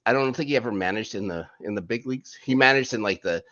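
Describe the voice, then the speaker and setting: A man's voice: fairly low pitch, quick pace, a bit bright, dull audio. A man co-hosting a casual TV review podcast, rambling loosely and trailing off with vague fillers. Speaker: podcast co-host.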